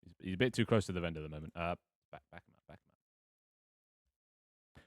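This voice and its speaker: A man's voice: sits low, quick pace, long pauses, dry recording. Man, game master, casual streaming chatter, rambling and self-mocking, dry close sound. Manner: rambling, self-mocking, with frequent fillers and swearing. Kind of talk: casual live-stream narration of a tabletop game.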